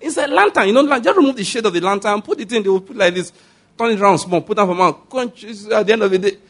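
A man's voice: high voice, lively intonation, fast, a bit bright. A middle-aged Nigerian-accented man preaching a sermon as a pastor, telling stories with animation, acting out scenes and repeating his points.

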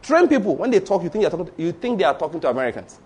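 A middle-aged Nigerian pastor with a Yoruba accent delivers a sermon. His voice sits fairly high for a man. He tells stories with animation, acts out dialogue and throws rhetorical questions at his listeners. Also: big pitch swings, rapid-fire, darkish tone, husky.

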